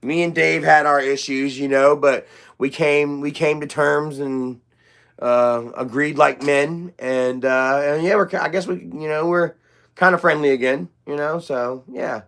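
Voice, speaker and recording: A man's voice: fairly high pitch, steady tone, a little slow, creaky, fairly bright tone. A young man hosting a casual livestream chat, rambling, loose and profane, with lots of fillers. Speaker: livestream host.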